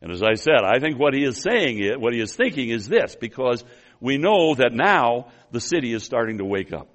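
Animated male preacher telling a story. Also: medium pitch, moderate pace. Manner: animated storytelling that swings between loud emphasis and quiet asides; addresses the congregation as folks, with restarts and apologies for running long. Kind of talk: expository sermon.

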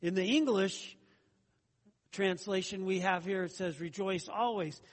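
Pastor, male, high-pitched, earnest conversational sermon delivery, long reverb hall. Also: unhurried. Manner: earnest, repeats phrases, conversational asides.

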